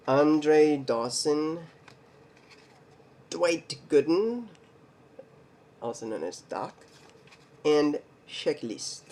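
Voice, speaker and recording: A man hosting a card collecting video, slowly reading names off cards, stumbling over some and making little jokes to himself. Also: on the high side, darkish tone. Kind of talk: casual mail day card showcase.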